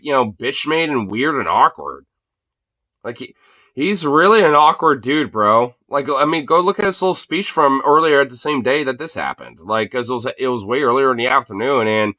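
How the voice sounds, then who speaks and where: A man streams his live reaction to a broadcast through a streaming mic, rambling crudely and mockingly, packed with slang filler and profanity. His medium-pitched voice swings widely and sounds sharp, at a normal speed, with no room sound.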